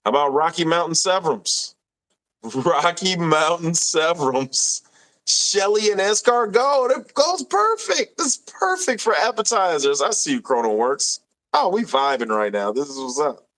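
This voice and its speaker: A man's voice: sits high, big pitch swings, normal speed, a bit bright. A young man hosting a casual live stream, reading viewer comments aloud with a laid-back, laughing manner.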